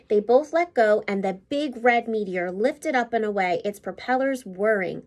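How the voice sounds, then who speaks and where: A school principal, a woman, reading a picture book aloud to children in an expressive, teacherly way. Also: mid-range voice, moderate pace, hardly any pauses.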